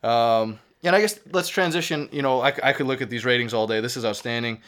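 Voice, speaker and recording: A man's voice: medium pitch, fast talker. Chatty Boston-accented man talking soccer. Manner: animated, chatty, many fillers and restarts. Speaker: soccer show co-host and youth coach. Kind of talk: casual sports chat.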